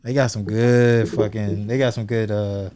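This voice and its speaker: Young male co-host, laid-back slang, dark voice, dry close sound. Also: lowish voice, fairly even intonation, normal speed, no room sound. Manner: laid-back, slangy, swears a lot, short replies. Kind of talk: casual chat.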